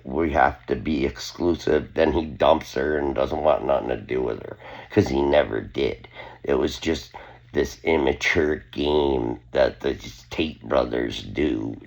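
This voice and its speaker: A man's voice: very deep voice, vocal fry, darkish tone, dull audio. A man hosting an opinion commentary, speaking in a critical, indignant way. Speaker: commentary channel host.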